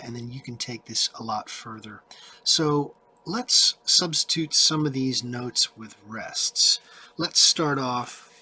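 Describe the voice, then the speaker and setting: A man's voice: mid-range voice, sharp tone, slight background noise. A man giving a casual music tutorial, chatting loosely and counting and singing rhythms aloud as he writes notes. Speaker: music teacher.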